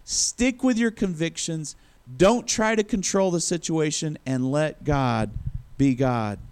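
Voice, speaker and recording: A man's voice: on the high side, slow pace, a little mellow, clean tone. A man preaching a sermon, retelling a story with chuckling asides and acted-out quotes. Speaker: pastor.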